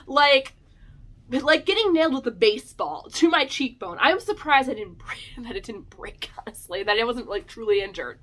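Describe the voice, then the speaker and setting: Woman, casual vlog storyteller, animated, laughs a lot, fairly high voice. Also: moderate pace. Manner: animated, filler-heavy, laughs often. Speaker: vlog host.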